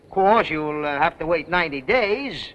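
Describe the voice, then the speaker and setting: Brief: a slangy, pushy car salesman; high voice, muffled old film sound. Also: expressive, normal speed, a bit bright. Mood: smooth-selling. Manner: brash slangy salesman patter. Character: brash fast-dealing male used car dealer. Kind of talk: 1930s film acting. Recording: dull old film soundtrack with faint hiss.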